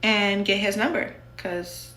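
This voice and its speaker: A woman's voice: medium pitch, fairly even intonation, slow pace, pushed and bright. Blunt, candid woman in a roomy space. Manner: candid and blunt, with many fillers of "like". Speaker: vlogger telling her own story. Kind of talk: casual storytime monologue.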